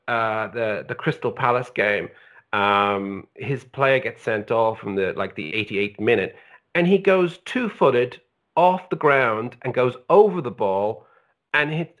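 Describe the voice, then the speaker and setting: Brief: man, casual football podcast, swearing ranter, lively pitch swings. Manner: animated, swearing, ranting. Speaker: podcast co-host.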